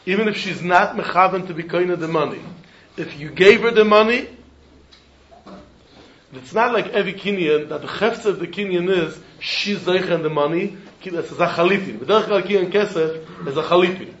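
A man giving a Talmud lesson in a lively, questioning way, mixing Yiddish terms into his English. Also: high-pitched, moderate pace. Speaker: Talmud teacher. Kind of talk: yeshiva-style Talmud lesson. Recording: dull echoey room with faint noise.

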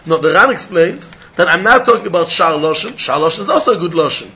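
A man's voice: a little high, expressive, quick pace, bright, forceful tone, highs cut off, a little hiss or hum. A man teaching a Talmud lecture, repeating phrases and mixing in Hebrew and terms.

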